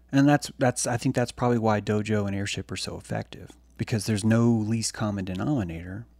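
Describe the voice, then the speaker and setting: Man, low gravelly voice, blunt profane preacher-style streamer. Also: no room sound. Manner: blunt, profane and preachy, swings from loud to hushed. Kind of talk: impassioned monologue.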